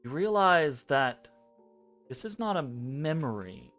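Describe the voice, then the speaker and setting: A man narrating a dream scene as game master of a tabletop game, measured and hesitant, pausing between phrases. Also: on the high side, very animated. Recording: soft music behind.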